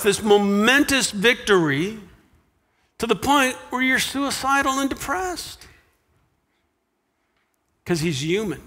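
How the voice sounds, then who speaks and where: A man preaching a sermon as pastor, animated, dropping to a hush for quiet lines. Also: high voice, long reverb tail. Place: church sanctuary.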